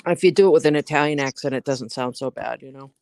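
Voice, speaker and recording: A woman's voice: rumbling low, fast, darkish tone, dry recording, studio quality. A woman co-hosting a casual live-stream chat, teasing and laughing over an online call setup. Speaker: guest co-host.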